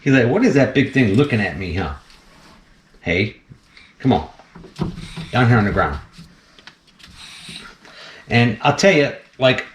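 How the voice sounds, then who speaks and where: A man's voice: medium pitch, reverberant, slight background noise. A man hosting a casual vlog while feeding a snake, chatty and laughing often as he talks to the animal. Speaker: snake keeper and channel host.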